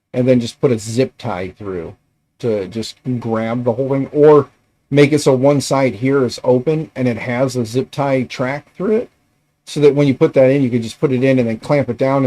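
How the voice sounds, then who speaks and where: Guy chatting on his stream, medium voice, rambly, thinks out loud as he tinkers. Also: medium pitch. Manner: rambling, thinking aloud with fillers. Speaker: livestream host. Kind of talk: casual livestream chat while tinkering.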